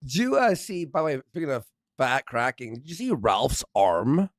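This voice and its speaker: A man chatting on a casual livestream, throwing in quick reactive quips. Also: medium pitch, very animated, no echo, studio quality.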